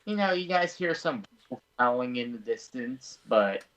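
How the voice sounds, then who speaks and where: A man's voice: medium pitch, animated, measured pace, a bit bright. A man running a tabletop game as game master, narrating in a casual, laid-back way.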